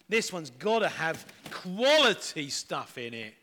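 Upbeat middle-aged man, high bright voice, jokey children's talk leader. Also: big pitch swings, unhurried. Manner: playful, chatty, jokey.

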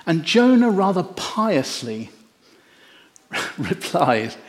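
A man preaching a sermon, telling the story in an animated way with wry jokes. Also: fairly high pitch, a little slow. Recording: echoey hall.

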